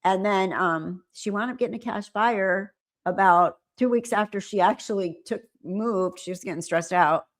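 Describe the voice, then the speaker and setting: A woman's voice: mid-range voice, normal speed. A middle-aged woman hosting a livestream, chatting with viewers in a rambling way and often trailing off and restarting. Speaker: livestream host. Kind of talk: casual chat with viewers.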